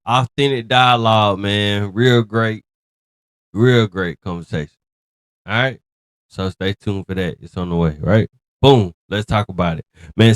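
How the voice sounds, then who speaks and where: A man's voice: medium pitch, dry recording. Man, show host, slangy, emphatic, rambling, dry close mic. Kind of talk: casual commentary.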